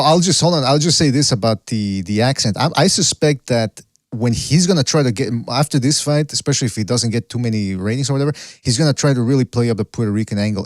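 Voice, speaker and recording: Brief: male podcast host, mid-pitched, dry close sound, blunt and profane, stumbles over his starts. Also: no echo. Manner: blunt, profane, stammers and repeats himself. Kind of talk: casual boxing chat.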